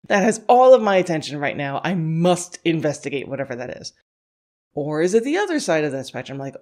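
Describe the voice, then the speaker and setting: A woman with a deep, darkish voice hosts a dog-training podcast as a scent work instructor, speaking fairly quickly and very animatedly in casual instructional talk. She laughs often, voices a dog's thoughts in little quoted voices, and thinks aloud with "you know" and "like."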